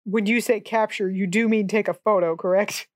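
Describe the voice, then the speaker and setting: A woman's voice: mid-range voice, steady tone, moderate pace, no room sound, studio quality. A woman co-hosting a movie podcast in a casual chat, wry and sarcastic, laughing often. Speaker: podcast co-host.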